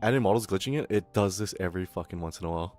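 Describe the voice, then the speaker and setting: A man's voice: deep voice, racing, darkish tone, faint music behind. A young Australian man chatting casually on a livestream, rambling, swearing and laughing often, his throat a little irritated. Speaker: VTuber streamer.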